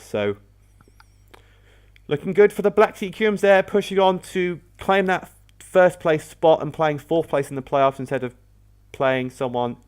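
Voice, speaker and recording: A man hosting a casual battle commentary video, rambling and often correcting himself mid-sentence. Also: medium pitch. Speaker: host.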